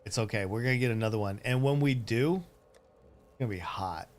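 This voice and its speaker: A man's voice: medium pitch, moderate pace. A man streaming a game, chatting casually in a rambling way that keeps breaking off and often turns into laughter. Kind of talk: casual live-stream chat.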